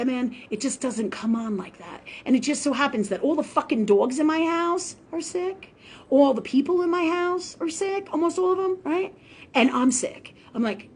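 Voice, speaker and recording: A woman in her fifties with a high voice, hosting a live spiritual talk stream. She rants with angry, profane emphasis. She keeps retelling conversations in an animated way. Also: slightly rough. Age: 50s. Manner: quotes others in animated retellings.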